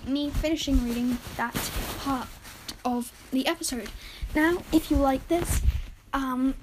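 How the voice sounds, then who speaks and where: A woman's voice: sits high, unhurried, background noise. A woman hosting a podcast, reading a novel aloud in a chatty, informal way and correcting her own slips. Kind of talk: storybook reading.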